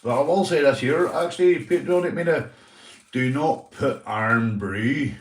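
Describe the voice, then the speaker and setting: A man's voice: medium pitch, a little slow. A Northern Irish man hosting a casual livestream chat, rambling and swearing, calling everyone mate. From Northern Ireland. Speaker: livestream host. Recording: echoey room, mic at a distance.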